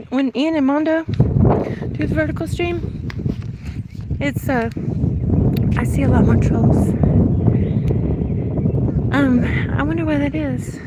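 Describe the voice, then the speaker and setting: High-voiced woman livestreaming on a walk. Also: heavy background noise. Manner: chatty, laughs often, thanks viewers by name. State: a little out of breath from walking. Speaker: livestreamer reading chat. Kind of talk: casual live stream chat. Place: outdoors, walking.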